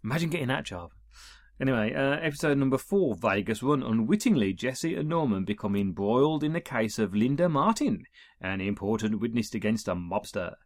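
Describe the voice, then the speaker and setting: A man's voice: medium pitch, lively intonation, a little fast, dry recording, clean studio sound. A man reading through an episode guide in a casual way, adding wry asides and small chuckles. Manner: reads listings, adds wry chuckling asides.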